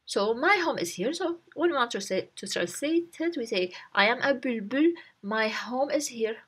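A woman teaching a language by reading a short story aloud and explaining each word and phrase. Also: a little high. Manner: reads a line, then translates and breaks down each word.

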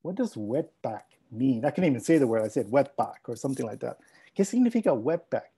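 Husky-voiced man telling a heartfelt story. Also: mid-range voice, lively intonation, brisk, warm tone, poor audio. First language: Spanish. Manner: reflective, heartfelt, mixing in Spanish phrases. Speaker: scholar and speaker. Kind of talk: personal storytelling talk.

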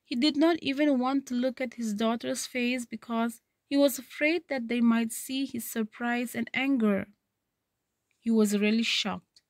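A woman's voice: a little high, a little mellow, no room sound. A woman teacher who reads a story passage aloud, then paraphrases and explains it, checking with "okay". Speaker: literature teacher.

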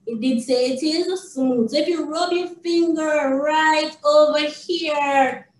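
A woman early childhood educator reading a picture book aloud to a small child, sing-song with lots of praise and questions. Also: sits high. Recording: echoey room, distant mic.

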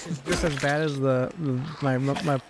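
A young man venting in a casual, rambling way while playing a game, swearing often and filling every pause with "like". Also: mid-range voice, steady tone, heavy background noise. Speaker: gaming YouTuber.

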